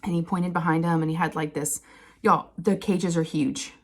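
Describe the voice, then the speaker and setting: A woman, chatting casually to her viewers and telling an animated family story with frequent laughter. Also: moderate pace. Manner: chatty, animated, laughs often, quotes people in higher voices. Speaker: crafting channel host.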